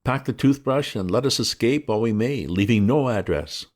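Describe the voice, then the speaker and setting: A man voicing a breezy, flippant young gentleman who chatters excitably. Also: mid-range voice, normal speed, pitched above the performer's own voice, close to an everyday voice.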